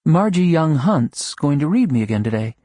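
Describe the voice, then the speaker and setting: A man narrating an audiobook lifts into an affectionate small-town wife, lilting high and light as she coaxes and chides. The voice is slightly husky and sits close and dry, with no room around it. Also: big pitch swings, moderate pace, dark tone, no room sound. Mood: teasing. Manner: light, coaxing and chiding. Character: fond small-town wife, patient and gently scolding. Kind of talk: audiobook character reading.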